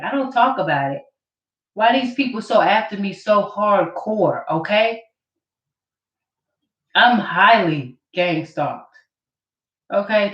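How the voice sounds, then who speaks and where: A woman vlogger ranting to camera in an accusatory, mocking way, repeating her points. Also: medium pitch. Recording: roomy, distant, dull camera audio.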